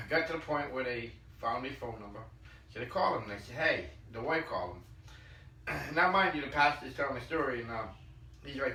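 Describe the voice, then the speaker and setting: A man tells stories in a casual, chatty way, slipping into quoted voices and clearing his throat between lines. His tone is bright and forward. He sits some way from the mic in an echoey room with a faint hiss behind him. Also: mid-range voice, moderate pace, distant mic. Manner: retells anecdotes with lively quoted dialogue, clears throat often. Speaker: podcast host. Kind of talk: casual storytelling.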